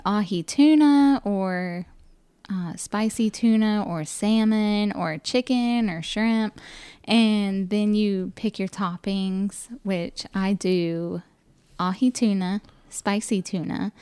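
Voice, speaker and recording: A woman co-hosting a casual podcast from home, relaxed and chatty with fillers. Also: medium pitch, smooth, no echo. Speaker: podcast co-host. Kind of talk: casual chat.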